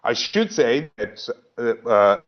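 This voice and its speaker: A man's voice: mid-range voice, very animated, slow. A man giving a philosophy talk on a video call, thinking aloud with repeated words and asides. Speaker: panel presenter. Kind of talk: philosophy talk in a virtual program. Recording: dull lo-fi video call audio.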